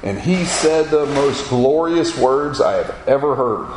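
A man's voice: mid-range voice, animated, measured pace, roomy sound, background noise. A man giving a spoken testimony to an audience, telling his story vividly and acting out the voices of the people in it. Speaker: speaker giving a personal testimony.

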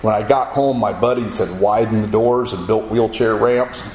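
In this spoken testimony before an audience, a man recounts his story with vivid energy and voices the characters himself. He speaks at normal speed in a somewhat low, slightly mellow voice. The audio is poor, with an echoey room and a bit of background noise.

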